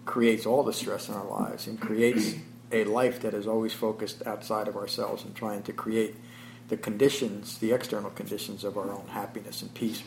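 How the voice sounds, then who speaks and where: A man teaching meditation, giving a Buddhist dharma talk to a small class. He thinks aloud with pauses and pokes fun at his own habits. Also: on the low side, vocal fry, slight background noise, rough recording. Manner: self-deprecating, chuckling about his habits.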